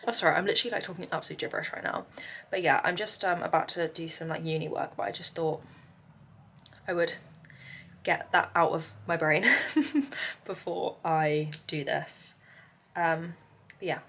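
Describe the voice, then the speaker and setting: A woman's voice: low-pitched, steady tone, moderate pace, vocal fry, fairly bright tone, slightly rough. A young woman, vlogging at home in a casual, rambling way, tired and overwhelmed. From England. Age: young adult. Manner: rambling, talks in run-on lists with many "like" fillers. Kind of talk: casual chatty vlog. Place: home, indoors.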